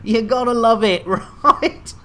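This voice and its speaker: A man's voice: very high voice, takes it slowly, fairly bright tone. Male streamer, chatty and jokey, addressing his viewers. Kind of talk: casual game streaming chat.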